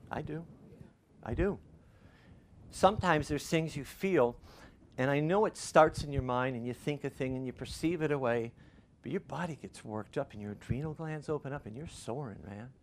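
Middle-aged guy preaching, animated and chatty, lots of restarts, mid voice. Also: medium pitch, moderate pace. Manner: conversational, animated storytelling with restarts. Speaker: pastor. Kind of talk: sermon.

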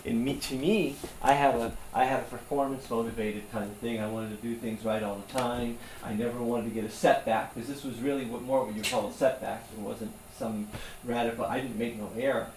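A man's voice: mid-range voice, fairly even intonation, a little fast, hardly any pauses, a little mellow. A male pastor preaching a sermon in an earnest, conversational way. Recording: echoey room, voice from far off, faint hum.

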